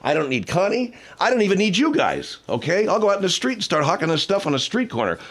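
A man acting out a pushy, crude pitchman who blusters and defends every scheme. His voice leaps wildly up and down as he argues, in a loose comedy sketch. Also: big pitch swings, quick pace, fairly bright tone, exaggerated voice. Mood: blustering. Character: brash sleazy male pitchman, pushy and crude.

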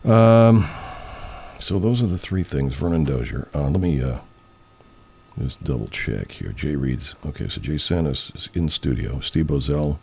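Husky man, very low, animated, rambling profane host, clears his throat a lot. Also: measured pace. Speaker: radio show host. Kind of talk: casual off-air chat.

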